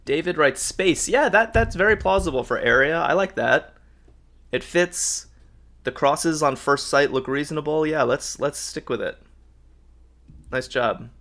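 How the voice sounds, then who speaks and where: With a fairly high, bright and forceful voice, a man runs a live crossword solve, reasoning aloud in an upbeat way and reading out answers his viewers send in.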